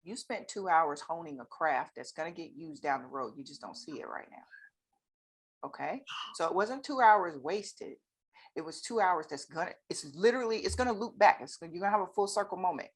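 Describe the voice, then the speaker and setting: A woman talks casually as a guest. She is an animated storyteller who acts out both sides of conversations, and her voice sits a little low for a woman. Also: normal speed, breathy edge. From North Carolina, USA. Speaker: guest, accounting firm owner. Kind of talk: casual chat.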